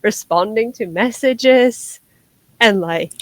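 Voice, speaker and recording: Chatty woman with a high voice. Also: takes it slowly, dry recording. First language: Norwegian. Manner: chatty, laughs readily, rambling restarts. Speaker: podcast co-host. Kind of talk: casual chat.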